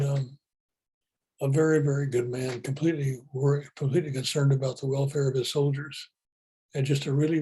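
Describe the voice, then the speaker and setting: A man telling personal spiritual stories in a calm, unhurried, matter-of-fact way. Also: medium pitch, slightly rough, rough recording. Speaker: speaker telling spiritual experiences. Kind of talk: personal storytelling.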